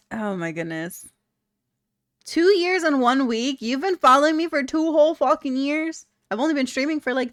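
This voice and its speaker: A woman's voice: fairly high pitch, fairly bright tone, no echo, studio quality. A young adult woman streamer chatting casually with viewers, giggly and playful, swearing freely. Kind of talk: casual chat reading out viewer messages.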